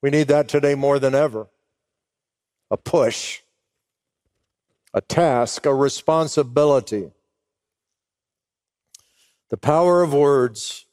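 A man's voice: medium pitch, darkish tone, no room sound, clean studio sound. A middle-aged man preaching to pastors, telling an emotional story and acting out both sides of remembered talk. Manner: emotional storytelling, slows down for weight. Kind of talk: sermon.

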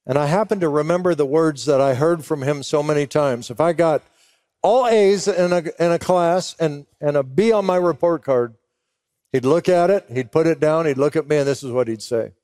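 A man's voice: a little high, darkish tone, no echo, studio quality. A middle-aged man preaching to pastors, telling an emotional story and acting out both sides of remembered talk. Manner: emotional storytelling, slows down for weight. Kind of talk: sermon.

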